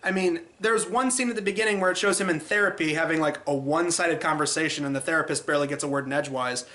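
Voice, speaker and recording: Bright-voiced chatty film reviewer, man. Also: on the high side, fast talker. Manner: chatty, exasperated, animated.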